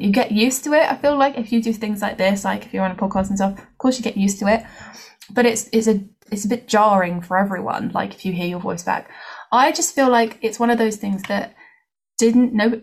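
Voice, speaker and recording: Chatty woman podcast co-host. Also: mid-range voice. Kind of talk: casual podcast chat.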